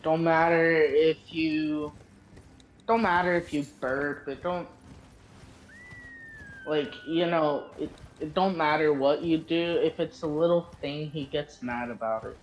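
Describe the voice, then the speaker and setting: A man chatting casually on a stream, telling stories slowly and without hurry. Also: fairly high pitch, fairly even intonation, highs cut off, a little hiss or hum. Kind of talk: casual chat.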